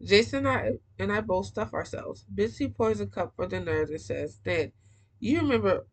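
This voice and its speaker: A woman's voice: medium pitch, lively intonation, normal speed, rough recording. A woman reading a young-adult novel aloud, breaking off for casual, slangy comments. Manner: casual slangy asides between passages. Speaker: book reader.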